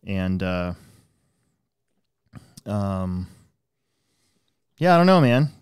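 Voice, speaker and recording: Low-voiced man hosting a casual podcast. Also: sing-song, drawn-out words, a little mellow, clear, resonant tone, no echo, studio quality. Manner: rambling, with many fillers and restarts. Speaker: podcast host, hobby shop manager and race director.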